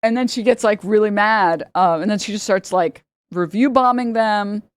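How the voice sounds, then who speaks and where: Speaking at a normal pace in a clean, medium-pitched voice, a streamer tells her live audience a meandering story. She laughs frequently and does impressions of the people in it. No echo is present.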